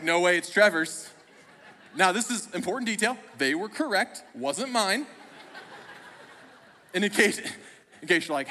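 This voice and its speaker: Bright-voiced man preaching in a reverberant hall. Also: high voice. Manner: conversational, self-deprecating humor. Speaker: pastor. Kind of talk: sermon with personal story. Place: church auditorium.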